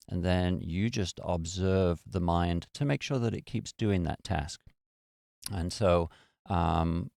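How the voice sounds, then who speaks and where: A man teaching a beginners' meditation class, explaining and then guiding the group in a relaxed, unhurried way with small fillers. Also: no room sound, studio quality. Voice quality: gravelly low voice.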